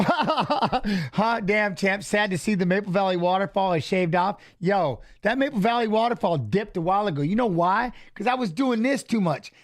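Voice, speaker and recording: Brisk and high-voiced, this man barely pauses as he co-hosts a fight watch-along livestream. He jokes around loosely, reads out comments from viewers, and drops casual swears.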